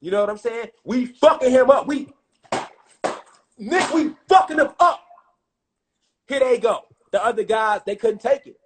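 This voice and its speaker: High-voiced man, animated, profane street-slang storyteller. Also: unhurried, long pauses, background noise. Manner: gets loud and excited at times. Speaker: speaker. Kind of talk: casual spiritual storytelling.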